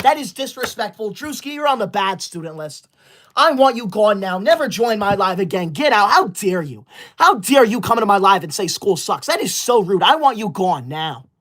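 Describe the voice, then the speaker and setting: A man's voice: high-pitched, big pitch swings, moderate pace, fairly bright tone, heavily acted. A man playing a bossy teacher's-pet streamer. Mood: indignant. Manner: indignant, scolding, self-righteous. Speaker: livestreamer character. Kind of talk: comedic skit of a livestream.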